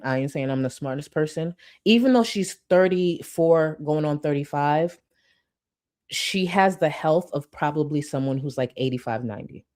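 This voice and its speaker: A woman with a low voice hosts a reaction commentary rant. She mocks the clips she plays and talks back at them with plenty of sass. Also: darkish tone. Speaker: commentary channel host.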